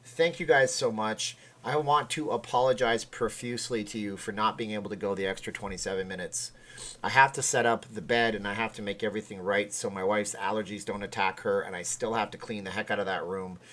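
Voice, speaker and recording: A man's voice: fairly low pitch, fairly even intonation, brisk, a bit bright. A man from Canada hosting a casual livestream, tired and chatting in a rambling, joking way. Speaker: livestream host.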